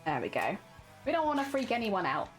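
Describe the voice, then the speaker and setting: A chatty woman talking to her stream audience in a high, bright voice. Her pitch jumps around a lot as she talks, playful and bubbly, with faint music playing behind her. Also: sing-song, a little fast. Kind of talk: casual live-stream chat while crafting.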